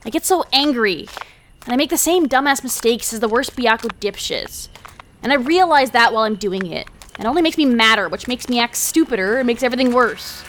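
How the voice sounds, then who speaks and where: A woman's voice: a little high, expressive, a little fast, a bit bright, slight background noise. A young woman voicing a hot-tempered, foul-mouthed underage delinquent girl who swears constantly and talks bluntly and defensively. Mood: sheepish.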